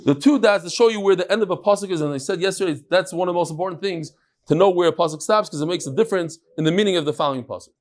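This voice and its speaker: A man's voice: high-pitched, very fast. A middle-aged man teaching a daily Talmud class in a conversational way, with frequent asides and restarts. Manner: conversational, mixes Hebrew and Aramaic terms, frequent restarts and asides.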